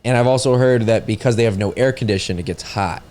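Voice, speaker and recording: A man's voice: lowish voice, quick pace, darkish tone. A man hosting a casual chat with fellow comedians, rambling and repeating words as he thinks aloud. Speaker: podcast host.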